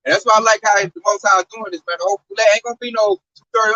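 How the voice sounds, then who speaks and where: A man in an animated religious discussion, telling a story and acting out both sides of the conversation. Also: very high-pitched, racing, hardly any pauses, no room sound, far from the mic, highs cut off. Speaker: group discussion participant. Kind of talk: fervent religious talk.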